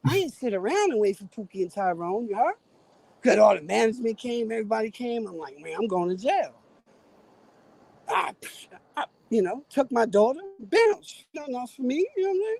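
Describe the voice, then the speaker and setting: A man's voice: extremely high pitch, a little fast, gravelly. A man, swearing and acting out the voices in a story as a guest on a live stream. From New York. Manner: profane, animated storyteller who acts out quotes. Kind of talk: casual storytelling chat. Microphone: remote stream call.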